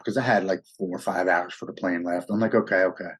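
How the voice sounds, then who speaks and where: A man's voice: sits low, fairly even intonation, fast, hardly any pauses, slightly rough. A middle-aged American man telling his personal story as an interview guest, blunt, raw and profane. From United States.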